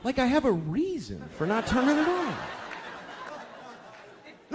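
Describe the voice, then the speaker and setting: A man doing a stand-up comedy set, ranting and shouting his punchlines. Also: extremely high pitch, huge pitch swings, a little slow, long pauses, a crowd in the background, noisy background. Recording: live club with audience laughter.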